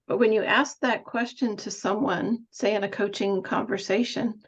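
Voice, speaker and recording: A woman at a middle pitch speaks as a nurse coach, musing thoughtfully through her points and laughing lightly now and then. The sound is dull and lo-fi. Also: normal speed, breathy edge. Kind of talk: reflective coaching talk.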